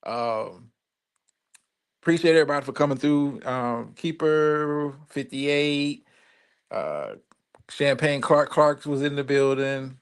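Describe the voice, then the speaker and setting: A man's voice: medium pitch, animated, slow, clear, resonant tone. A tired man hosting a live stream and signing off from his phone. He rambles casually and swears freely. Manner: profane, loose, rambling. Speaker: stream host.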